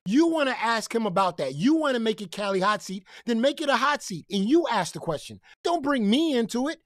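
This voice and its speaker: A man's voice: very high voice, very animated, fairly quick, few pauses, fairly bright tone, no echo, studio quality. A man hosting a gaming commentary channel, ranting in a profane, confrontational way and repeating himself when heated.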